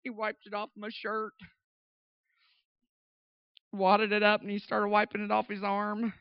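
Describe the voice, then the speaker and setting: A woman preaching through a lively personal story, with emphatic, animated delivery. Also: mid-range voice, unhurried, smooth, no room sound. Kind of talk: storytelling sermon. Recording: dull dry recording.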